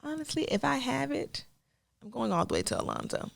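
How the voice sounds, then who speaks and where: A woman co-hosting a podcast, trading quick, animated, profane banter in casual chat. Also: fairly high pitch, vocal fry. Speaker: podcast co-host.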